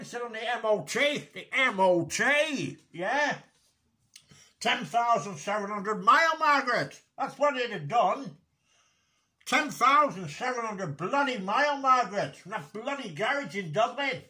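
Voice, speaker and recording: A man's voice: very high voice, bright, forceful tone, exaggerated voice. A man doing a grumpy old man ranting. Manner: exasperated ranting, repeats himself and swears mildly. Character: grumpy older man, furious at a garage. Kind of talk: comic one-sided phone rant impression.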